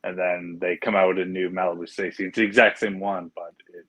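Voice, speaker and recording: A man's voice: deep voice, flat delivery, a little fast, fairly bright tone, husky, low-quality recording. A man co-hosting a podcast in casual chat, laughing often and quoting cartoon lines as he goes. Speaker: podcast co-host.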